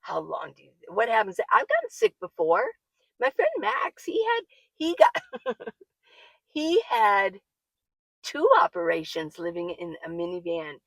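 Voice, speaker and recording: An older woman talks casually to her viewers, reading out questions and answering them with frequent laughter. Her voice has a gravelly, fry-tinged texture at a middling pitch. The sound is dry and close, with no room echo. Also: huge pitch swings, a little slow. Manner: chatty, laughs often, gets worked up. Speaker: van-life vlogger. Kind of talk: casual talk to camera, reading viewer comments. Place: living in her minivan.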